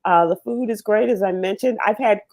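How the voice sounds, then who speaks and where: A woman's voice: mid-range voice, fairly quick, darkish tone, dry recording. A woman hosting a radio show on location, chatting casually with a co-host, laughing often and full of fillers. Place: event venue.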